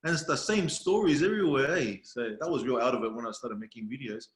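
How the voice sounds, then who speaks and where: A man's voice: medium pitch, fast. Australian man telling stories, echoey room. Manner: laughing, storytelling, quotes others in animated voices. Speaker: podcast guest, video creator. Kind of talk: casual chat.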